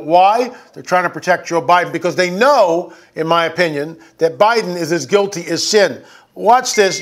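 A man giving an indignant, emphatic political commentary over video clips. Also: high-pitched.

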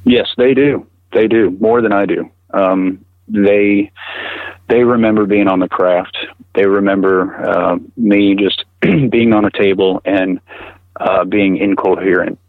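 A middle-aged man recounting a personal experience as an interview guest, halting and earnest, often repeating words as he talks. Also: on the low side, steady tone, no room sound, phone-quality sound. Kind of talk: personal account in conversation.

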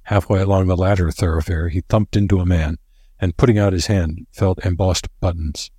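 Deep, husky male audiobook narrator. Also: moderate pace, dry recording, clean studio sound. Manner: steady, even reading.

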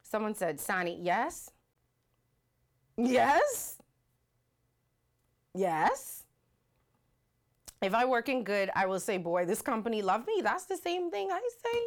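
Speaking slowly with long pauses, a woman with a higher-leaning voice runs a casual livestream. She talks animatedly, asks rhetorical questions, and reads out comments from her viewers.

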